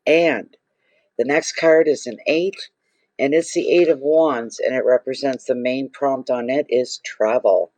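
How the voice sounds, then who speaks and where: A man's voice: medium pitch, steady tone, unhurried, a little mellow, dry recording. A man giving a casual tarot reading to camera, gushing and exclaiming over the cards he draws. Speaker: tarot reader.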